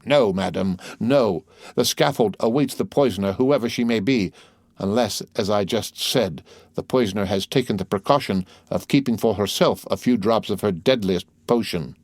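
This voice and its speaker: A man voicing a stern male magistrate who calmly and contemptuously accuses his wife in an audiobook. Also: fairly low pitch, normal speed, no echo, lightly acted. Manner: calm, contemptuous interrogation. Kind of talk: audiobook character voice.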